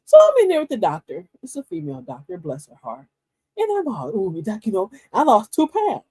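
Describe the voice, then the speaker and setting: An older woman with a husky, slightly breathy voice that swings high and low as she tells her stories. She laughs often and slows right down to stress each word of an affirmation. The sound is close and dry, with no room around it. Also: no echo. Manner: animated storyteller, laughs often; slow, emphatic reading of affirmations. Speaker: livestream host. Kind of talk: casual motivational livestream talk.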